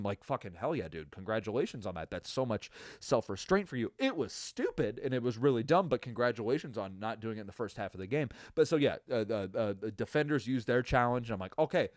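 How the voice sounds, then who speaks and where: A man's voice: medium pitch, no room sound, studio quality. Profane, tired man ranting on sports. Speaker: podcast host. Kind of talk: casual sports rant.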